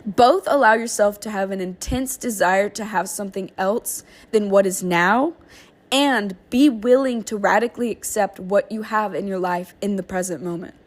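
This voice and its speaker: Woman calmly reading guided meditation steps. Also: medium pitch. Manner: slow calm reading broken by casual offhand asides; informal fillers and slang like "um", "like", "y'all". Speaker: vlogger sharing therapy skills lessons. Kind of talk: casual vlog, reading guided meditation passages aloud.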